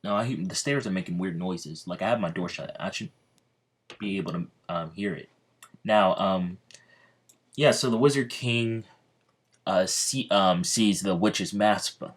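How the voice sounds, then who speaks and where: A man's voice: deep voice, measured pace. A man telling a fan-made story in a hesitant, rambling way, full of ums and restarts. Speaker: channel host.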